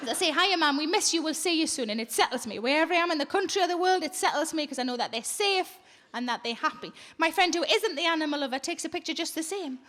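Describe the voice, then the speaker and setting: High-voiced, sweary woman comic. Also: lively intonation, fast, fairly bright tone, slight background noise. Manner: blunt, sweary, conversational storytelling. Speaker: stand-up comedian. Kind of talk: live stand-up comedy. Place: theatre stage, live audience.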